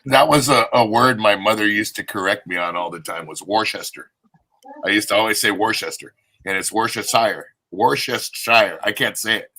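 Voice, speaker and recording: Low bright-voiced cussing guy. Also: fast talker, hardly any pauses. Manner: laid-back, swears, says dude and bro. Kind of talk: casual chat.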